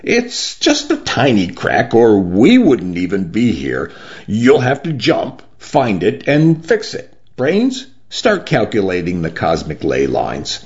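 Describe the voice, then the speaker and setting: A man's voice: on the low side, huge pitch swings, takes it slowly, a little mellow, lo-fi sound, full character voice. A man voicing a tough, curt woman who runs a bar, giving orders and threats in a raised voice. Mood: brisk. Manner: curt and commanding.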